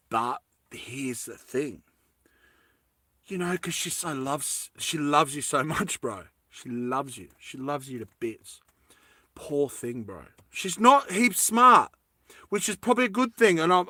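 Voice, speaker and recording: A man's voice: on the high side, sharp tone, no room sound, clean studio sound. A man talking to his viewers in a rambling comic monologue, chatty and laughing between thoughts, full of casual slang. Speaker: vlogger.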